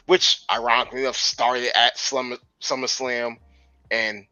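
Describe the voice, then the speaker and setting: A man co-hosting a podcast, chatting casually with lively, wry commentary. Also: medium pitch, unhurried, dry recording. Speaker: podcast co-host. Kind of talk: casual chat.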